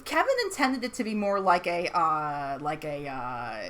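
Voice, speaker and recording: Giggly woman with a lively voice. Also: low-pitched, moderate pace. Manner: giggly, animated, quotes characters in voices. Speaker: tabletop game player. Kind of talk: casual chat.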